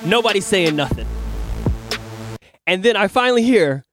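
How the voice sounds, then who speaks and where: Kinda high-voiced guy telling a story on his podcast, acts out the quotes, cusses a lot. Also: normal speed, music in the background. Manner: animated storyteller who acts out his own quoted lines, swears casually. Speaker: podcast host. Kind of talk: casual chat, telling a dream.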